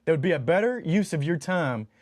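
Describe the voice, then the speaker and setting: A man's voice: on the high side, lively intonation, brisk, no room sound, studio quality. A man co-hosting a podcast, ranting in mock exasperation and counting off his points in a casual chat. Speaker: podcast co-host.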